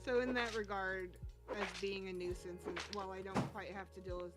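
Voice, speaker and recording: A woman's voice: mid-range voice, fairly even intonation, brisk. A woman chatting casually on a live stream, telling an exasperated story with lots of fillers. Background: background music.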